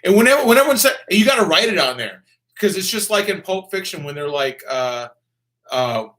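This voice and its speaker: A man's voice: high voice, big pitch swings, fairly quick, fairly bright tone. A man with a Southern American accent, hosting a casual chat, reading viewer comments and joking with lots of profanity. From Florida.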